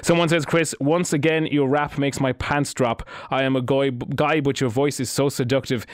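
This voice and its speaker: A man's voice: medium pitch, fairly even intonation, normal speed, no room sound, studio quality. A man hosting a radio show, bantering playfully with mock boasts and plenty of fillers. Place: radio studio.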